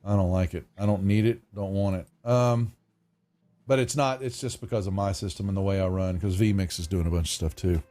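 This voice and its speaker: A man's voice: low-pitched, fairly even intonation, a little fast, dark tone. A man running a tabletop game online as game master, narrating casually and often breaking off mid-sentence. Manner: rambling, self-interrupting, casual.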